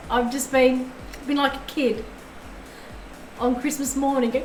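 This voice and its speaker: A woman's voice: high voice, fairly even intonation, normal speed, reverberant, faint music behind, low-quality recording. A woman streaming live tarot readings, chatting effusively and thanking her viewers as she goes.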